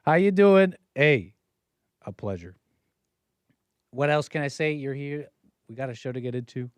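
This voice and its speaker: A man's voice: mid-range voice, moderate pace, clean tone, no echo. A man hosting his own live call-in stream, chatting casually with viewers and jumping from topic to topic. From United States. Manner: chatty, jumps between topics. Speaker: livestream host.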